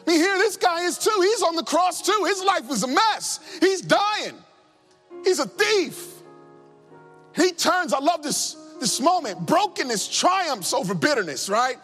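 A man's voice: extremely high pitch, very animated, moderate pace, fairly bright tone. A man preaching a sermon with passion, repeating his phrases and swinging his emphasis up and down. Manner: impassioned, repetitive, rising and falling emphasis. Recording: long hall reverb with faint music.

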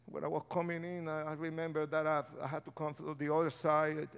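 A man preaches an altar-call sermon in a large church, his voice pitched a little high and ringing with resonance. He swings from shouted declarations to hushed, pleading lines. Each phrase trails into the long reverb of a big hall. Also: completely flat delivery, brisk, creaky, clean tone.

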